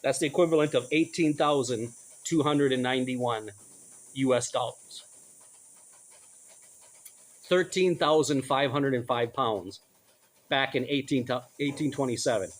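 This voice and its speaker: Blunt, informal man commenting. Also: mid-range voice. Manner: blunt, informal, stumbles over names and self-corrects. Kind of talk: casual commentary reading news aloud.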